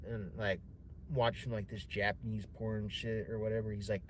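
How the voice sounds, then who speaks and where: A man's voice: on the low side, measured pace, slight background noise. A young man telling a long story to a livestream chat in a casual, profane, rambling way, full of fillers. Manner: profane, rambling, animated retelling with many fillers.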